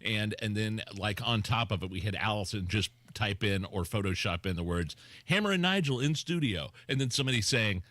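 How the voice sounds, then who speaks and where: A man's voice: fairly low pitch, expressive, brisk, fairly bright tone, dry recording. A man co-hosting a talk radio show, making joking, sarcastic asides on a studio microphone. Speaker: radio co-host.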